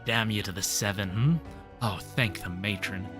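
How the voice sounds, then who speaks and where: A man's voice: on the low side, fairly even intonation, moderate pace, over music, close to an everyday voice. A man reading a game quest aloud, voicing a hot-tempered male gardener who rants theatrically about pests on his trees. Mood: ranting. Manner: theatrical, ranting with sudden outbursts.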